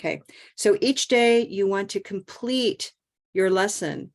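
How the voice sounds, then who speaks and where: A woman with a medium-pitched voice teaches English pronunciation in an online group lesson. She's encouraging and stretches out stressed words slowly.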